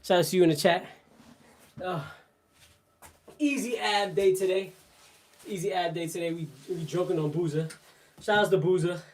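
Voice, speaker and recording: A man's voice: high voice, steady tone, normal speed, pauses often. A man hosting a live workout stream, joking and rambling with his chat between exercises, laughing often and trailing off mid-sentence. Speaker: fitness livestream host. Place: indoors at a home workout spot.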